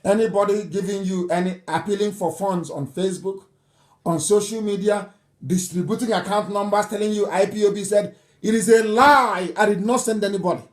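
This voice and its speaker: Here a Nigerian broadcast host delivers a live radio address in a high, darkish voice that stays steady and moves fairly quickly. He's emphatic, repeating what he says again and again for insistence.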